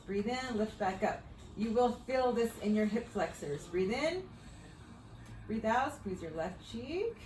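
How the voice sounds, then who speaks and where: A woman's voice: a little high, animated, measured pace, long pauses, reverberant, faint music behind, rough recording. A woman fitness coach leading a floor workout, upbeat and whooping as she exercises along, slightly out of breath. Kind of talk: workout instruction.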